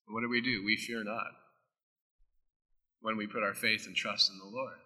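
A male pastor delivers a sermon in a sharp, very bright voice. He swings between loud, emphatic declarations and quiet, intimate asides, and his words trail off into the long reverb of a big hall. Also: on the low side, steady tone, normal speed. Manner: emphatic, with sudden drops into soft, intimate asides.

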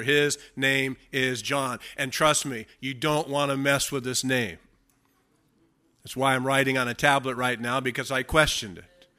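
A man preaching a sermon and reading from the Bible, emphatic, slowing down to stress key phrases. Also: medium pitch, pushed and bright.

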